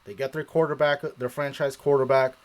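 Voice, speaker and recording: This co-host of a live sports stream has a medium-pitched, level voice and talks fairly quickly. His tone is casual as he recounts a story, playing out the reactions he had at the time and laughing a lot.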